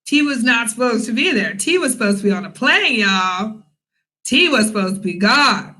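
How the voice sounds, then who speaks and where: Bright, chatty young woman telling a story. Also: fairly high pitch, moderate pace, poor audio. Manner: chatty and animated, many fillers and asides to viewers. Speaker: vlogger, English teacher in Korea. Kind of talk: casual storytime.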